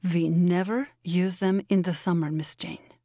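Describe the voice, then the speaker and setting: A woman's voice: mid-range voice, lively intonation, unhurried, vocal fry, slightly rough, no room sound, clean studio sound, full character voice. A woman voicing a resentful young woman servant who speaks thickly, in clipped, bitter phrases. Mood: sullen.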